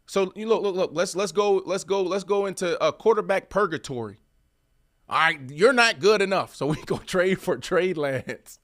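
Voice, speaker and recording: A man in his thirties with a high voice speaks at a moderate pace. Once a wide receiver, he now co-hosts a sports show, and in casual debate he argues emphatically and animatedly, repeating himself.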